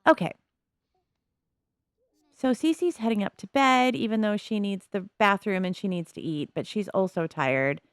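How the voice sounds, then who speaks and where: A woman chatting casually as she plays a life-simulation game, musing aloud with soft laughs. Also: mid-range voice, clear, resonant tone, no echo. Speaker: gameplay commentator.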